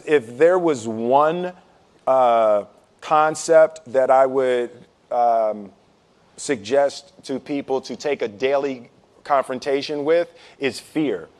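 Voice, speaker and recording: A man's voice: medium pitch, takes it slowly, a little mellow. A man telling a story with lots of laughter, acting out what people say and often repeating his words. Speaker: speaker giving life advice. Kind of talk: animated storytelling with acted-out quotes.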